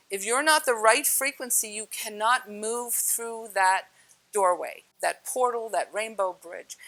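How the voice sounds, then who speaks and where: A woman's voice: medium pitch, pushed and bright. A woman giving a casual spiritual talk, blunt and direct, swearing offhandedly and asking her listeners questions. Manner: chatty, asks the listener questions. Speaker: spiritual speaker.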